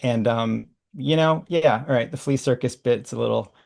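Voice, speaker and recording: A man hosting a workshop, telling a casual, animated story full of restarts and laughs. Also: mid-range voice, normal speed, creaky. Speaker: workshop host.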